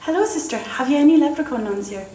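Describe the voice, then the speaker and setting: A woman's voice: high-pitched, lively intonation, fast, mellow, a little hiss or hum. A young woman voicing a polite, hapless leprechaun in a joke she tells on stage. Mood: earnest. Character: two hapless little leprechaun men. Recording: roomy live recital from far off.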